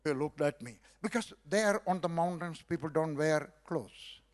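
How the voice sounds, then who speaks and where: Indian man preaching a lively testimony. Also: a little high, a little slow. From South India. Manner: storytelling, acting out dialogue with rising intensity. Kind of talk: sermon testimony.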